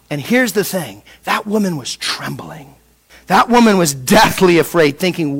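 A middle-aged male pastor from Southern California preaching a sermon in an animated, conversational way, acting out quotes and often restarting his sentences. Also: high voice, moderate pace.

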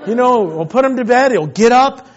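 A man's voice: extremely high pitch, animated, moderate pace, muffled recording, a faint crowd, slight background noise. A man preaching a sermon in a conversational, anecdotal way. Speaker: pastor.

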